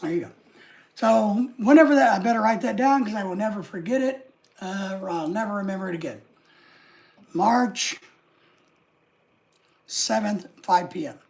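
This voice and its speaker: A woman's voice: medium pitch, expressive, normal speed, vocal fry, pauses often, darkish tone. A woman hosting a casual live stream, rambling and reading viewer comments aloud.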